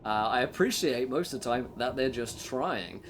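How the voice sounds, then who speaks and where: A man's voice: medium pitch, expressive, normal speed, slight background noise. A man, hosting and running a tabletop game stream, giving tips in a chatty, filler-heavy way. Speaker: game master and host. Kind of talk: casual explanatory talk on a stream.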